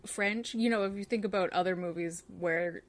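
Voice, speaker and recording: A woman co-hosting a podcast in casual chat, talking in quick asides peppered with "like". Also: medium pitch. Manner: chatty, quick asides, heavy use of "like". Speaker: podcast co-host.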